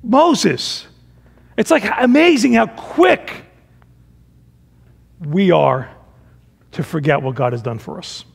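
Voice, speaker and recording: A male pastor preaching a sermon, swinging dramatically between loud emphasis and hushed, low phrases, and acting out people's complaints in a casual voice. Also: lively intonation, slow pace, vocal fry, pauses often, slightly rough. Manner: acts out the Israelites' complaints in a casual voice.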